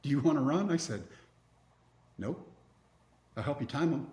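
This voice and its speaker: A man in his fifties from Texas, a podcast guest telling a story in an animated way, acting out dialogue with wry, self-mocking humor. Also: fairly high pitch, normal speed. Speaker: podcast guest, former pitcher. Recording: roomy echo.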